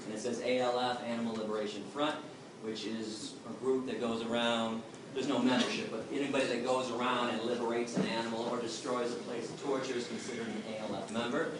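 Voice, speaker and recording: A middle-aged man giving an impassioned, emphatic talk to a crowd, telling his story. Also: medium pitch. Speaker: activist speaker. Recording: distant echoey room with noise.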